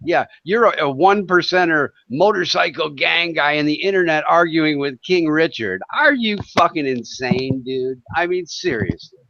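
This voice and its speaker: High-voiced man sneering at trolls. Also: lively intonation, normal speed, few pauses, sharp tone. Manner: profane, taunting and sarcastic. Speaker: livestream host. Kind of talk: heated livestream rant at chat trolls. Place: home in Thailand. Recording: dull lo-fi stream audio.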